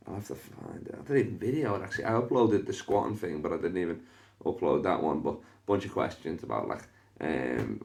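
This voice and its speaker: A man's voice: low-pitched, gravelly. A young man with a Liverpool accent, a comedian and podcast host telling casual stories with lots of swearing and acted-out voices. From Liverpool, England. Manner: animated, swears a lot, acts out voices in his stories. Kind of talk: casual storytelling chat.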